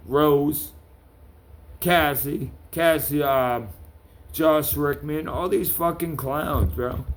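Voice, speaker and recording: A man's voice: mid-range voice, a little hiss or hum. A man ranting to camera in a vlog, calling out people by name, with blunt, profane talk. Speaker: vlogger.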